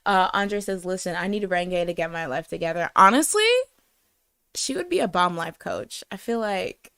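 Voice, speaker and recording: A woman's voice: on the low side, animated, normal speed, vocal fry, a bit bright, clear, resonant tone, dry recording. A woman co-hosting a casual show, reading live comments aloud in a giggly, self-deprecating, rambling way. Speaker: podcast co-host.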